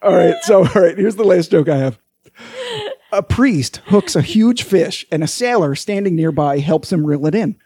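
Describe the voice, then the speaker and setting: A man telling jokes in a casual chat, animated and laughing through his punchlines. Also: on the high side, moderate pace, slightly rough, no echo, studio quality.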